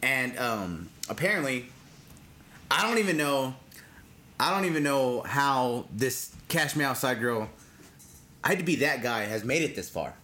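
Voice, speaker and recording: A man's voice: mid-range voice, expressive, measured pace, pushed and bright. A man co-hosting a casual podcast, telling rambling stories with crude, joking humor. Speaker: podcast co-host.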